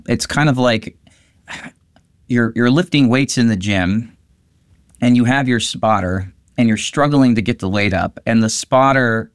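A man's voice: medium pitch, no room sound, studio quality. A man, a pastor, discussing a Bible passage in casual conversation and animatedly acting out quoted lines. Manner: animated, acts out quotes with lifted voice.

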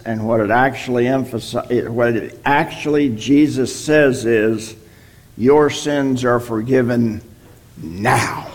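Slow, deliberate male Bible teacher. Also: mid-range voice. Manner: slow, deliberate, checks in with "okay?".

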